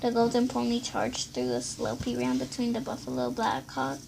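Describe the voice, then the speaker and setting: A woman reading a children's book aloud, stumbling and restarting now and then, in a creaky voice over steady background noise. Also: a little high, fairly quick. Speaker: reader.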